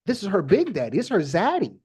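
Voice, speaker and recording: A man hosting a podcast, reading Bible verses aloud and riffing on them in slangy, irreverent comic asides, often halting on fillers. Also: sits high, slightly rough. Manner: irreverent, slangy, animated storytelling. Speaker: podcast host.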